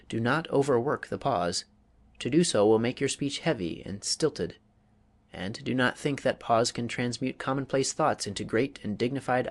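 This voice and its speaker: A man reading a public speaking manual aloud as an audiobook, in a measured, deliberate way with pauses. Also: medium pitch. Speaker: audiobook reader.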